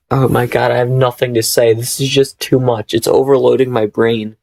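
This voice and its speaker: A man's voice: mid-range voice, flat delivery, normal speed, creaky, few pauses, a little mellow, dry recording. A man reading a fan fiction aloud and mocking it with sarcastic, profane, exasperated asides. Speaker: reader and commentator.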